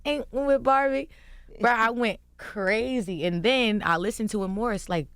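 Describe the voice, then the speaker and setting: Guest: young woman, smooth clear tone, lively story-telling, dry close studio mic. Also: on the high side, moderate pace, no room sound. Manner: animated storytelling, acting out quotes. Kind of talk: casual interview chat. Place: radio studio. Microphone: studio microphone.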